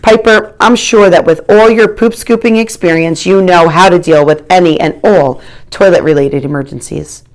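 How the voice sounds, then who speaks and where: A woman's voice: on the low side, moderate pace, hardly any pauses, close to an everyday voice. A woman voicing a snooty, boastful schoolgirl rival who talks in a sneering, smug way.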